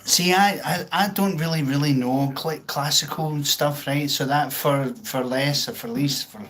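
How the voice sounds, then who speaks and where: A man's voice: fairly high pitch, a little slow, fairly bright tone. A man with a Scottish accent hosting a casual livestream, chatting with viewers in a self-mocking way and swearing freely. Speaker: livestream host. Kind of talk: casual chat reading out viewer comments.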